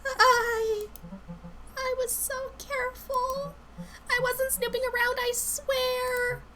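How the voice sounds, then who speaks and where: A woman's voice: level tone, takes it slowly, sharp tone, soft background music, exaggerated voice. A woman voicing a nervous, stammering worker in a game who is hiding a secret. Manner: jittery, stammering, high squeaky voice.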